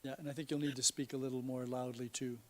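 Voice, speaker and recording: Brisk, flat-voiced man chairing a meeting. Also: mid-range voice, a loud crowd. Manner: brisk, matter-of-fact chairing.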